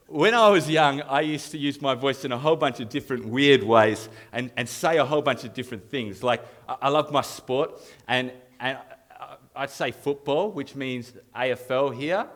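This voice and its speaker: An Australian man giving a humorous live youth talk, telling self-mocking stories in an animated way and chuckling often. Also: mid-range voice, normal speed. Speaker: youth leader. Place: live youth event on stage.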